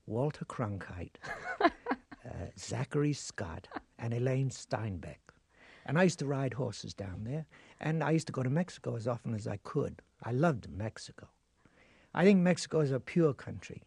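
Older actor guest with a gravelly voice, lively storyteller, dry close sound. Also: male voice, medium pitch, dry recording. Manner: animated storyteller who acts out voices and laughs. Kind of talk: interview storytelling.

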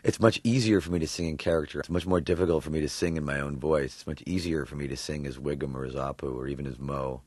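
A man from New York with an extremely low voice talks about his acting work, animated and quick to laugh. He circles his thoughts with plenty of fillers and restarts. The sound is close and dry, as in a studio. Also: dry recording. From New York, USA. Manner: animated, laughs often, thinks aloud with fillers. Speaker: voice actor guest. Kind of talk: interview answers.

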